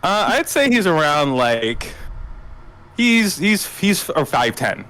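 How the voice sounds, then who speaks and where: A man's voice: a little high, sing-song, slow pace, sharp tone, rough recording. Rambling young man running a tabletop game. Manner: rambling, filler-heavy, laughing. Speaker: game master.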